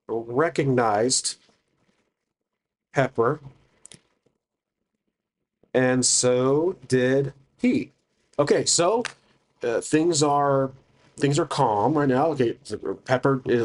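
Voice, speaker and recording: A man narrating a solo tabletop game, thinking aloud hesitantly with many restarts. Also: medium pitch.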